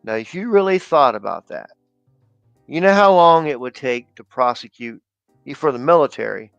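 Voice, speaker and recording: A man's voice: high voice, gravelly, no echo, dull audio. A man co-hosting a casual livestream, talking loosely and rambling with slang and fillers.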